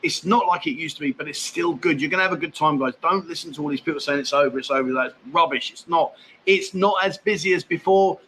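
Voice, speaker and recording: An English livestream host with an English accent, broadcasting from his expat home in Thailand, reads out viewer comments and answers them bluntly, calling people mate. His voice is on the high side and sharp-toned, he talks quickly, and there's a little hiss or hum.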